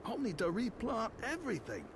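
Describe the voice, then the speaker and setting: A man's voice: high-pitched, huge pitch swings, a little fast, gravelly, noisy background, heavily acted. An actor with an American voice putting on a British accent, playing a friendly male village farmer. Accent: put-on British by an American.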